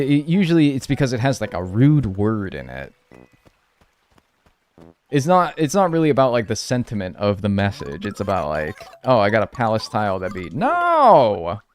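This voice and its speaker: A man's voice: mid-range voice, a little mellow. A young man streaming a game, chatting casually in a rambling, joking and crude way. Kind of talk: casual gaming stream chat.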